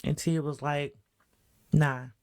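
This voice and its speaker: A woman's voice: low voice, moderate pace, no room sound. Chatty woman podcast host, dry sound. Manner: chatty, animated, asks the audience questions. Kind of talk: reaction commentary.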